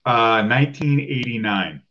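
A man's voice: mid-range voice, measured pace, bright, forceful tone, lo-fi sound. A man guesting on a casual chat, explaining films with frequent hesitations. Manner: film-buff explaining, with hesitations.

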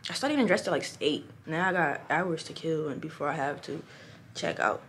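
Hoarse young woman vlogging. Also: sits low, animated, brisk, a little hiss or hum. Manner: loose, rambling, swears casually. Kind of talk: casual vlog chat. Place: hotel room. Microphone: small clip-on mic.

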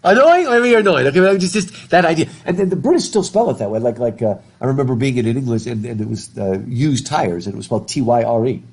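A middle-aged man lectures a live class, his voice slightly husky and breathy. He rambles and often trips over repeated words, breaking off to put questions to the students. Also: medium pitch, lively intonation, quick pace, few pauses, warm tone. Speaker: literature professor. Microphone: worn mic while masked.

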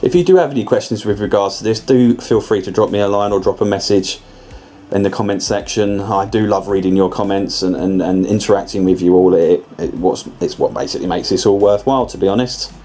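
Easygoing man with a mellow, low voice. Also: fairly even intonation, fairly quick. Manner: rambling, chatty, self-correcting, with many restarts. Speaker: scale model builder. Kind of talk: casual voice-over tutorial.

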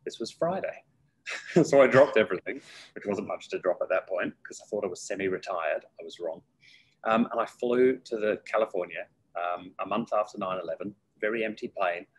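A middle-aged man speaks as a guest in a relaxed interview. His voice is low and a little husky. He tells stories with lively energy and slips into acted voices when he quotes people. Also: brisk, rough recording. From United Kingdom. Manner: lively storyteller who acts out quoted voices. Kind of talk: casual interview storytelling.

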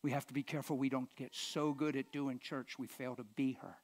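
A man preaching a live sermon in a church, emphatic, often dropping to a hushed whisper. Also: medium pitch, little pitch movement, a little fast. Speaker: pastor.

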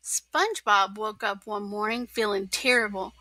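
A woman narrating a children's storybook aloud, reading clearly and expressively. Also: fairly high pitch, a little slow, pushed and bright, no echo. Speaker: storybook reader.

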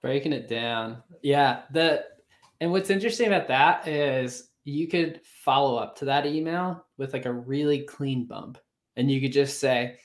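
A man speaking at a middle pitch on a video call, thinking aloud in a loose, unhurried way. He fills his sentences with easy asides as he talks through ideas. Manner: loose, thinks aloud with fillers like "you know". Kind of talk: casual webinar discussion.

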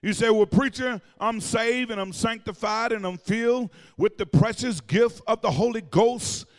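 A male pastor preaching a sermon, calling out to the congregation and breaking into shouted and sung phrases. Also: high-pitched, normal speed, in a large hall. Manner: call-and-response preaching, shouting and singing phrases. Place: church sanctuary.

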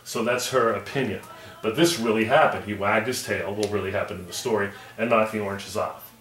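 A man's voice: fairly low pitch, steady tone, brisk, fairly bright tone, reverberant, far from the mic. Man teaching a reading lesson. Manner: reads aloud, then explains patiently.

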